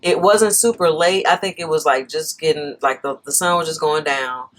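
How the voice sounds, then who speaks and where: A woman's voice: low-pitched, moderate pace. A woman co-hosting a casual chat, telling a story with lots of laughter and pushing back when she is cut off. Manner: animated, laughing, talks back when interrupted. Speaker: podcast co-host.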